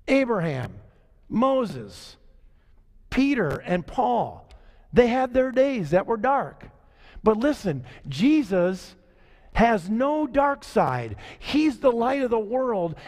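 A man preaching a sermon as pastor, in a conversational way that slows down to stress key lines. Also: extremely high pitch, a little mellow. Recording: long hall reverb.

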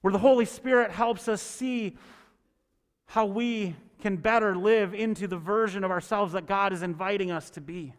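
The preacher's voice is high, clear, and resonant, moving at a moderate pace as he works through a sermon and scripture reading. He stays conversational and keeps asking "right?", while a long hall reverb lingers around his words.

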